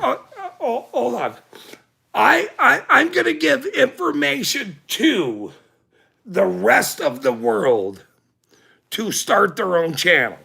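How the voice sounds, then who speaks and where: A man's voice: high voice, vocal fry, bright, forceful tone, breathy edge. A middle-aged man hosting a livestream, ranting at his chat in a profane, combative way with frequent laughs. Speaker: livestream host.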